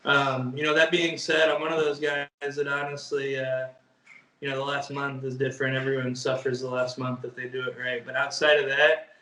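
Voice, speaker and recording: A man's voice: medium pitch, flat delivery, normal speed, bright, forceful tone, recorded from a distance. A young man, a bodybuilder, chatting casually as an interview guest, easygoing and hesitant with lots of fillers. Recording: echoey room.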